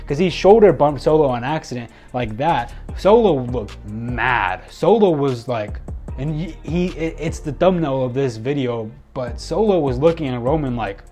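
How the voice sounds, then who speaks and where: A man with a voice a little above the usual male range, talking through a wrestling show recap in an excitable, rambling way. He restarts his sentences often, and faint music plays softly behind him. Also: a little high. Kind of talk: casual spoken recap.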